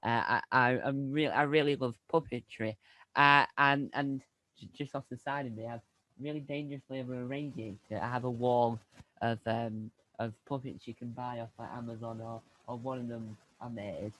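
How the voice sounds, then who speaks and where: A man hosting an interview, asking questions in a halting way with many repeats and restarts. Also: medium pitch, fairly even intonation, bright, forceful tone, low-quality recording. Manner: hesitant, repeats and restarts words. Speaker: interviewer host.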